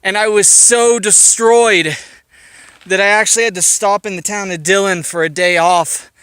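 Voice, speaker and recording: A man narrating his bicycle tour in a casual, excitable vlog, talking to the camera outdoors on a mountain route. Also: sits high, moderate pace, smooth, dry recording. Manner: excitable, chatty storyteller. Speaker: bicycle touring vlogger.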